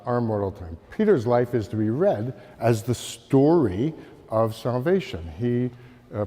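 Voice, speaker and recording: A man giving an art history slide lecture, halting with many fillers and calling for the next slide. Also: mid-range voice, mellow. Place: lecture hall. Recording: long hall reverb.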